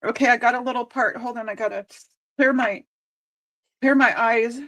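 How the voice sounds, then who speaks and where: A tearful woman reading cards live, her voice sitting a little high. She pauses often and reads slowly and emotionally, choked up as she goes. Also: steady tone, a bit bright. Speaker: intuitive card reader and host.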